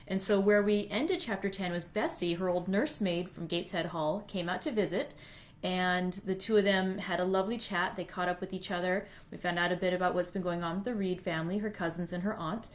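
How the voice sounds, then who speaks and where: A woman's voice: lowish voice, brisk. A woman hosting a library read-aloud, casually recapping the story so far with chatty fillers. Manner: chatty, uses fillers like "you know".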